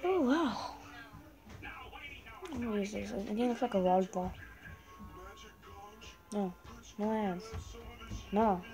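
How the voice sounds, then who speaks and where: A woman's voice: mid-range voice, slow pace, pauses often, mellow, faint music behind, low-quality recording. A young woman giving casual running commentary on a video game, chatting to viewers and often apologizing to them. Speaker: gaming channel host.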